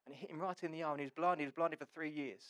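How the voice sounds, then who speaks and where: A man preaches with a fairly high voice and plenty of animation. He swings between near-shouting and hushed asides as he tells the story. His delivery carries a wry, sarcastic humour. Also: fairly even intonation, racing. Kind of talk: sermon.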